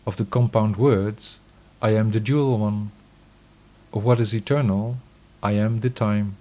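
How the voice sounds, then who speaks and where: A man giving a scripted scripture reading in a measured, solemn, declamatory way. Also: on the low side, fairly even intonation, mellow.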